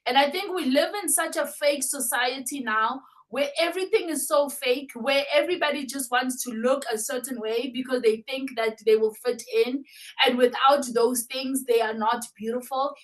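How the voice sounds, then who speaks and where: A woman guest with a high voice speaks with passionate, sermon-like conviction. She builds her points through repetition and emphatic declarations. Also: moderate pace. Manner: passionate, preacher-like, repeats "and therefore". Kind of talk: interview conversation.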